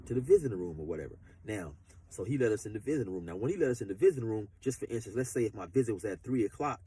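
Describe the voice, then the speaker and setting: Husky man telling a rambling story. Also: lowish voice, mellow. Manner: rambling, repeats fillers like "you know, like I say". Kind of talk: casual storytelling.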